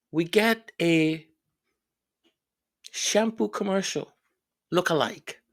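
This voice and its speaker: A woman hosting solo royal commentary, sarcastic and mocking, who mimics others in quick quoted asides and repeats words for effect. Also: on the low side.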